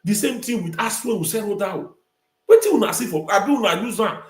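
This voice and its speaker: A talk show host with a Nigerian accent rants through a live-stream commentary, hammering his points by repeating the same words emphatically. His voice is a little higher than most men's, fairly quick with lively intonation, and the room rings with noticeable echo.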